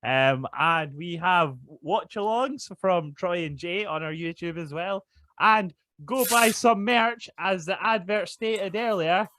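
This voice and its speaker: A man with a high voice wrapping up a casual wrestling podcast. He speaks slowly and trips over small details as he lists the socials, recorded dry and close. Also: pushed and bright, no room sound. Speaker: podcast co-host.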